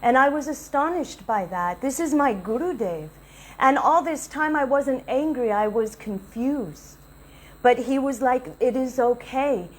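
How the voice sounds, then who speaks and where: Woman telling a temple story, earnest, kinda high voice. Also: lively intonation, unhurried, husky, low-quality recording. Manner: earnest, confessional, retells dialogue. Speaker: spiritual speaker. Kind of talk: devotional storytelling talk.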